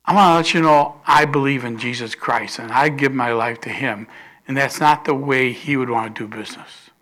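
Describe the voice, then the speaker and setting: A pastor preaches a sermon in a mid-range voice at normal speed, telling a story and acting out the quoted voices. He swings suddenly between loud rises and soft drops.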